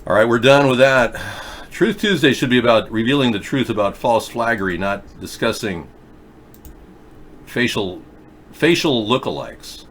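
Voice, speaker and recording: A man's voice: mid-range voice, lively intonation, moderate pace, a bit bright, a little hiss or hum. A middle-aged man hosting a live video chat show, reading viewer comments and rambling through sarcastic jokes and asides.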